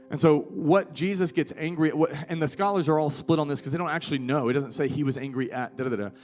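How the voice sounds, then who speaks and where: A man's voice: medium pitch, a little mellow. A man in his thirties, a pastor giving a live sermon in a casual, conversational way that grows emphatic. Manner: conversational preaching, rising to emphatic. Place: church hall with live audience.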